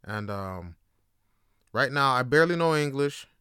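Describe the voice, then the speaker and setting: A young man hosting a casual solo podcast, telling slangy, animated stories and laughing often. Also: medium pitch, a little slow, clear, resonant tone, no room sound, studio quality. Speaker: podcast host.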